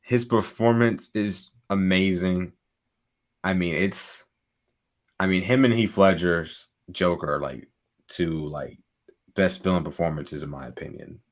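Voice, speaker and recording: A man co-hosting a podcast in casual chat, excitable, swearing freely and laughing often. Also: low voice, a little slow. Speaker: podcast co-host.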